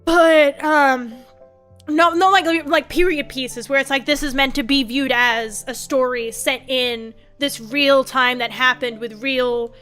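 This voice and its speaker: Bright, high-voiced rambling woman streamer. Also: a little slow, faint music behind. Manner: rambling and animated, lots of fillers and restarts. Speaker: VTuber streamer. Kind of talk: casual stream chat.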